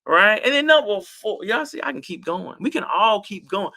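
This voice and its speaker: A man's voice: sits high, big pitch swings, moderate pace, vocal fry, pushed and bright. A man, giving a playful, emphatic talk to an audience about relationships, acting out mock arguments in slang. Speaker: relationship therapist speaking to an audience. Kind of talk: animated talk with acted-out examples.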